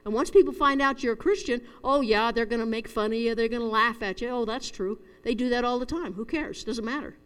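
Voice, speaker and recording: A middle-aged woman delivers a down-to-earth sermon in an earnest, storytelling way. Her voice sits a little high. The room gives it a long, echoey hall reverb. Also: brisk, hardly any pauses, clean tone. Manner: earnest, storytelling, chuckles at herself. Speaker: preacher. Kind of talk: conversational sermon.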